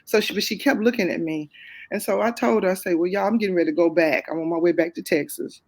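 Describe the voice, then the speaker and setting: A middle-aged woman, a guest on a talk show, telling a personal story in a lively, expressive way with casual Southern phrasing. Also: lowish voice. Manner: lively, expressive, quick to laugh at herself.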